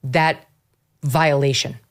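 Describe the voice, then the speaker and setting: A woman's voice: very deep voice, fairly even intonation, slow. A woman hosting an interview who frames her questions with her own commentary. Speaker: host. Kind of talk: conversational interview.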